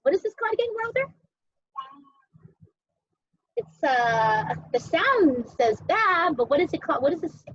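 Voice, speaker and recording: A woman's voice: sits high, sing-song, a little fast, no echo, lo-fi sound. A young woman teacher cooking at home while teaching small children, talking in a playful sing-song way and making animal sounds.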